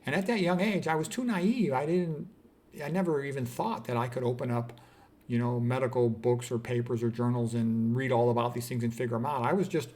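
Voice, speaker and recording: A middle-aged psychiatrist telling a personal story, earnest and reflective. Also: male voice, medium pitch, steady tone, brisk, a little mellow.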